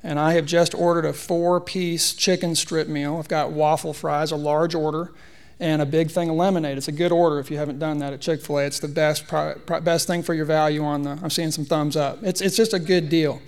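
A man's voice: fairly high pitch, flat delivery, a little fast, a little mellow, smooth. A man in his thirties giving a conversational, humorous sermon in a church, telling a personal story. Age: 30s. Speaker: preacher.

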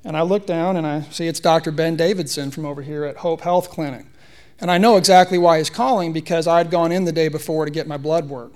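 A man's voice: a little high, brisk, darkish tone. A man in his thirties giving a conversational, humorous sermon in a church, telling a personal story. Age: 30s. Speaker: preacher.

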